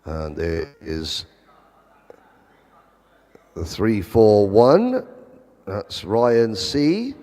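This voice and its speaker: A man's voice: lowish voice, big pitch swings, very slow, long pauses, warm tone. A man giving live motorsport commentary, chatty with wry asides. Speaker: race commentator. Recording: long hall reverb.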